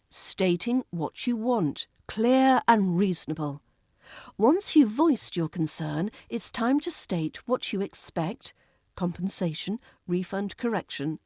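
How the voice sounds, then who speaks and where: A woman with a British RP accent, hosting a scripted podcast lesson as an accent coach, poised and precise in a measured delivery. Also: mid-range voice, big pitch swings, warm tone, dry recording, clean studio sound.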